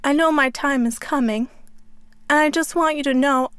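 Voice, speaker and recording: A woman voicing a frail elderly grandfather who talks slowly and in a muffled way while crying. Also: very high-pitched, a bit bright, no echo, pitched above the performer's own voice. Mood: tearful. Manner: slow, muffled speech.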